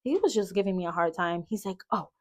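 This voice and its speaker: A woman's voice: lowish voice, quick pace. A woman in her thirties, a podcast guest, chatting casually and telling stories that she acts out, with lots of "like". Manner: animated storyteller, acts out quotes, frequent "like". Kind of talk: casual chat.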